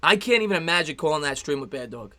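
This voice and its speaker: A young man calling a baseball game live on his stream, excitable and chatty, reading viewers' messages between pitches. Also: fast. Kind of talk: fan play-by-play commentary on a live stream.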